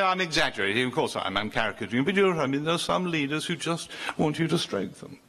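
Chatty older preacher, bright tone. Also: male voice, a little high, lively intonation, fast. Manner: chatty, self-interrupting, joking with the congregation. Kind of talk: sermon.

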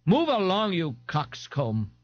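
A man's voice: sits high, huge pitch swings, slow, dry recording, voice pushed up, heavily acted. A bloated, pompous crank, as a male reader puts him on scolds in a haughty, florid, raised voice and makes grand pronouncements. His lines lift and fall with lofty contempt. The recording is a dry, somewhat dull 1989 audiobook tape. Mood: contemptuous. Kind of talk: audiobook character voice.

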